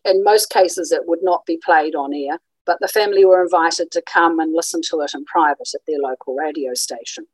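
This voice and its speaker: A woman's voice: lowish voice, no room sound, rough recording. A woman presenting a talk on radio history in a conversational way, with frequent ums and restarts. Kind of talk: informal illustrated talk.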